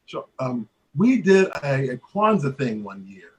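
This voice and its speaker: A man leading a creative writing workshop, telling stories in a lively way with many fillers and restarts. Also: medium pitch, a little slow. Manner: animated storyteller, many fillers and restarts, acts out quoted voices. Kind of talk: casual workshop talk.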